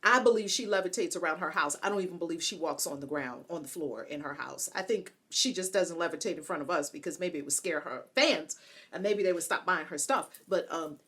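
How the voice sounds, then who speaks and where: A woman's voice: lowish voice, brisk, fairly bright tone. A woman hosting her own vlog, talking casually and playfully to her viewers, laughing often and tossing in chatty asides. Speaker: vlog host. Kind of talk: casual talk to camera.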